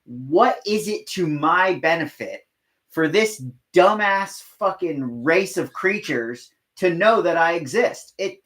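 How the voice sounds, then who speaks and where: Male host, slightly high voice, loose profane banter. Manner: animated, swears a lot, says "like" often. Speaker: show host. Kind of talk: casual chat.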